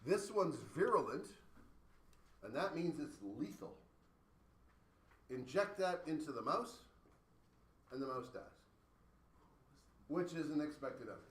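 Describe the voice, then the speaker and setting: Male science teacher, animated, jokey analogies, fairly high voice, roomy distant sound. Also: measured pace, long pauses. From Canada. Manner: lively, joking, explains with playful analogies. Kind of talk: classroom lecture. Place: classroom. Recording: echoey classroom from far off.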